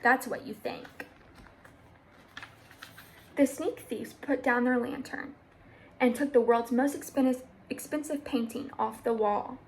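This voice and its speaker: A young woman reads a children's book aloud in a steady, plain storytelling voice. Her voice is a little high and clearly gravelly, with a faint hiss underneath. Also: a little slow, poor audio. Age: young adult. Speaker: storybook reader.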